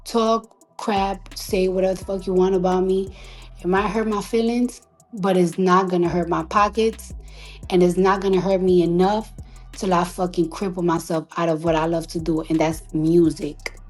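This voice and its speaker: Low-voiced woman venting hard, defiant and sweary, keeps repeating herself, faint music behind. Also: fairly even intonation. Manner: emphatic, defiant, repetitive, profane; slows to a hushed whisper at times. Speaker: recording artist. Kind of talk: emotional monologue on a live audio chat.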